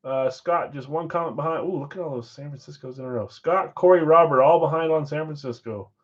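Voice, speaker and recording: Running a live-stream card break, a man with a fairly high voice rattles through names and assignments in a brisk roll call. Casual, chatty asides slip in between calls. The audio is dull and lo-fi, typical of a stream.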